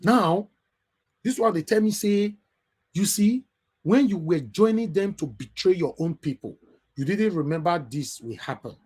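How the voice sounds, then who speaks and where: A man with a Nigerian Pidgin English accent hosting an online call-in show, lecturing in a preachy way that rises to loud emphatic bursts. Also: high voice, expressive, a little slow, breathy edge. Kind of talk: impassioned live talk show.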